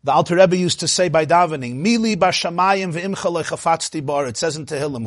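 Husky-voiced man giving a Torah lecture. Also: quick pace, hardly any pauses, no echo, studio quality. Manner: storytelling, acts out quoted speech with big swings in pitch and loudness; thinks aloud with restarts and asides. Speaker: rabbi teaching a class.

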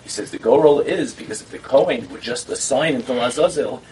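A man's voice: medium pitch, a little fast, darkish tone, recorded from a distance, poor audio. Male storyteller, acts out his quotes, sits back from the mic with faint background noise. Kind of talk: conversational storytelling.

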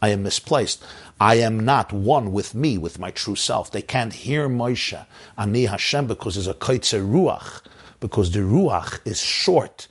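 A man teaching a Torah sermon, reading passages with a pronunciation and speaking intensely, swinging between loud emphasis and hushed asides. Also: on the low side, expressive, unhurried, slightly rough. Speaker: rabbi. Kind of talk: Torah sermon with guided meditation.

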